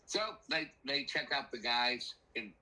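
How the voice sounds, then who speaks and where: An older man telling a rambling personal story in a casual, animated way, acting out the voices of the people in it. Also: medium pitch, unhurried, rough recording. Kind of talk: casual spoken anecdote.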